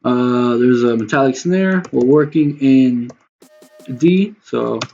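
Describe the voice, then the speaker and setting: Streaming a music production session, a man talks loosely to his chat viewers in a slow, gravelly, medium-pitched voice. He rambles and swears a bit, and the lo-fi stream audio is slightly dull with faint noise.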